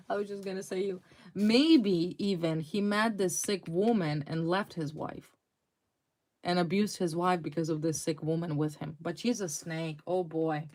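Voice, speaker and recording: Slow, intense woman tarot reader. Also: mid-range voice, steady tone, slight background noise. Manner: intense, repetitive, dramatic emphasis. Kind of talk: tarot reading to viewers.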